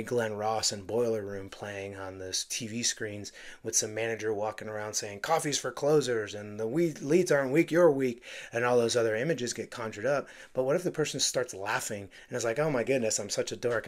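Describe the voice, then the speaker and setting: A man coaching real estate agents on phone sales, talking emphatically and acting out bits of phone calls. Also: fairly low pitch. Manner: emphatic, acts out phone calls with playful voices. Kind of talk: direct-to-camera sales coaching.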